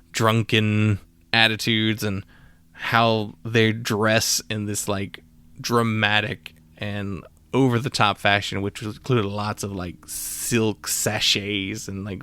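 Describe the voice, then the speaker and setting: In a solo music podcast, a man with a fairly low voice and a sharp, clean tone talks casually about old records. He rambles, with plenty of fillers and loose asides. There's no room sound.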